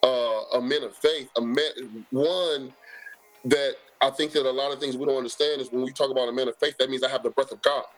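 A church leader speaking as a guest in a casual, preaching way, deliberate and emphatic, repeating key phrases, with a slight Southern US accent. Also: male voice, mid-range voice, fairly even intonation, faint music behind, poor audio.

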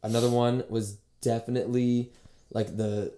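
A man's voice: mid-range voice, flat delivery, moderate pace, warm tone, slight background noise. A man telling rambling, jokey stories in casual chat with friends.

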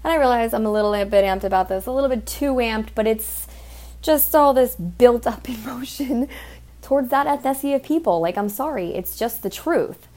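A woman's voice: moderate pace, a little mellow. A woman telling a story about her work as an exotic dancer in a casual monologue, swearing often and sounding fed up. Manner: profane, exasperated, swearing often; ranting with sudden pitch jumps.

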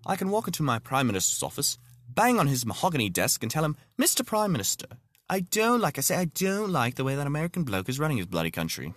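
A man's voice: fairly high pitch, huge pitch swings, fast talker, a bit bright, no room sound, exaggerated voice. Man putting on a cheeky army buddy.

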